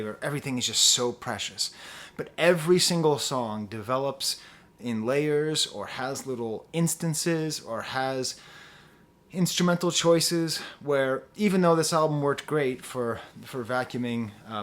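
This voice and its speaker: A man's voice: medium pitch, fairly bright tone. A man giving a casual talk-to-camera album review, rambling and digressive with lots of fillers, earnest and pleading in his enthusiasm.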